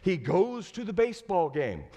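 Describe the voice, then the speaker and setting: A male pastor preaches, retelling a story with lively acted-out lines and asking his listeners direct questions. His voice sits a little higher than most men's. A long reverb hangs on his words, as in a church hall. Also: normal speed. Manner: animated storytelling, acting out quoted lines; asks the congregation direct questions. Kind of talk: sermon. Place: church sanctuary.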